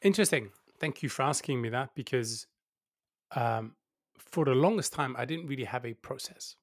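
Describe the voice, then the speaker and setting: A man giving candid advice as an interview guest, lively and laughing, often acting out the doubting voices he quotes. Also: mid-range voice, normal speed, no room sound, clean studio sound. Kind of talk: casual interview conversation.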